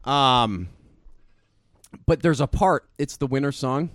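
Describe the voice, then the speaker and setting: A man's voice: mid-range voice, slow pace, a bit bright, no room sound, studio quality. A man co-hosting a podcast, telling a story in casual chat with many fillers. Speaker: podcast co-host.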